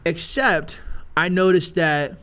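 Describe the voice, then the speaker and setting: A young man casually telling a wild story as a podcast host, animated and full of swearing and "like". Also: a little high, takes it slowly, clean tone.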